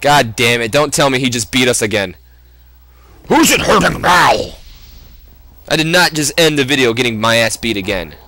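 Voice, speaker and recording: Young-sounding guy yelling and cursing at a wrestling game, bright voice that jumps all over. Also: medium pitch, fast talker, hardly any pauses. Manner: excitable, loud swearing outbursts. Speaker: gamer playing a wrestling game. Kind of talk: profane casual let's-play chat.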